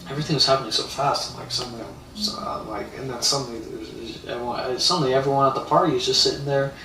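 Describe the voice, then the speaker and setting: A man's voice: mid-range voice, fairly even intonation, fast, background noise. Rambling man telling a story in a roomy space. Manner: rambling, profane, repeats himself. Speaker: live streamer. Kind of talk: casual storytelling on a live stream. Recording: roomy, distant mic, faint ambience.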